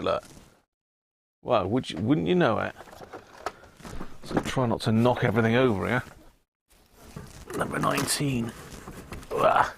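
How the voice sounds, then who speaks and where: A male livestream host with a medium-pitched voice and vocal fry chats casually with his viewers. He reads labels aloud, punctuating them with little chuckles.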